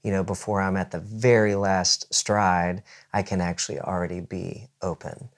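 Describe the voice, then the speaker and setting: A man's voice: low voice, flat delivery, normal speed. A man co-hosting a dinner conversation, thinking aloud in an earnest, thoughtful way. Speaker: co-host.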